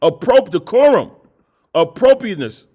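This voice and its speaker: Middle-aged guy preaching hard, high voice, scolding and cussing, keeps firing questions at folks. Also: very animated, moderate pace, dark tone, husky. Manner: scolding, repetitive rhetorical questions, profane. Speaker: street preacher. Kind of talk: confrontational street sermon.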